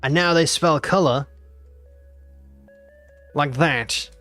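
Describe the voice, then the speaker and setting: A man's voice: on the high side, slow, bright, forceful tone, soft background music. Playful young streamer guy. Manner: playful, teasing, repeats phrases mock-indignantly. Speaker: VTuber streamer. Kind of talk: casual live-stream chat.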